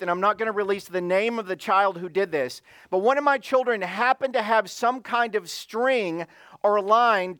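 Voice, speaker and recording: High-voiced pastor, storytelling sermon. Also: male voice, a bit bright, no echo. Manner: storytelling, asks the audience questions.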